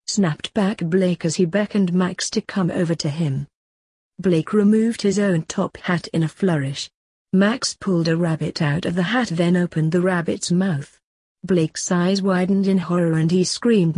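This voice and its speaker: A woman, a poet and author, reading her own short story aloud in a steady, even storytelling manner. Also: lowish voice, normal speed, slightly rough, no room sound, clean studio sound.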